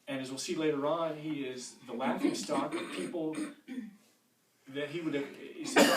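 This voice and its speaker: A man's voice: fairly high pitch, fairly even intonation, normal speed, noisy background. A man teaching a Bible study in a church room in a conversational way, often repeating words as he restarts, recorded from a distance in an echoey room.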